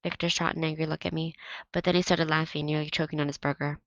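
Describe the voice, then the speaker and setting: Low, gravelly woman reading a novel aloud. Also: quick pace, dry recording, poor audio. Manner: steady first-person narration.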